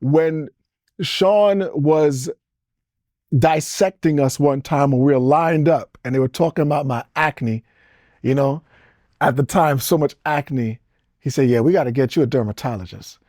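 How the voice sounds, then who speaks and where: A man's voice: fairly high pitch, slow, a little mellow, dry recording, studio quality. A man in his forties, originally from the Caribbean, talking as an interview guest in a loose, rambling way that jumps between topics and is broken up by chuckles. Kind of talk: casual storytelling interview.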